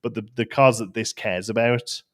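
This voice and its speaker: A man's voice: lowish voice, steady tone, normal speed, a bit bright. Rambling man co-hosting a card game show. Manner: rambling, restarts mid-thought, laughs often. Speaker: co-host. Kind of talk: casual chat about a card game. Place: home studio, livestream.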